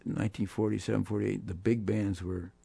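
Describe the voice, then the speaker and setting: An older man, a guest musician, telling animated anecdotes in an interview and voicing the people he quotes. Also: fairly low pitch, a little fast, creaky, breathy edge, no echo. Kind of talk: storytelling interview.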